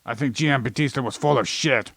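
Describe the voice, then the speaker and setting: Creaky-voiced man ranting profanely. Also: mid-range voice, fast talker, a bit bright, no room sound. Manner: plays an alien persona in an ordinary voice. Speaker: podcast co-host. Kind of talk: rambling comedic science chat.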